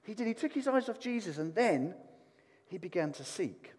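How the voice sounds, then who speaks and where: A man preaching a sermon, animated and putting questions to the congregation. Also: high voice, moderate pace, big-room sound. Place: church hall.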